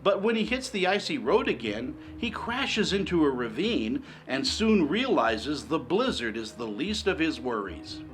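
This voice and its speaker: Lively male film reviewer. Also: on the high side, measured pace, hardly any pauses, faint music behind. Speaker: film critic.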